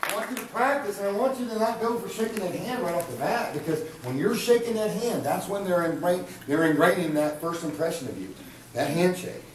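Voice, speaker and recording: A man's voice: high voice, fairly quick, distant mic, slight background noise. A man leading a live sales training session, chatty and coaching, often repeating his words. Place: training room with an audience. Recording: echoey room from afar.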